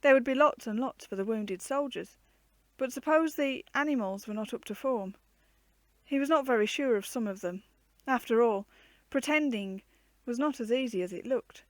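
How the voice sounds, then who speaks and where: A woman reading a children's storybook aloud with an expressive, varied storytelling delivery. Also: a little high, moderate pace, no room sound.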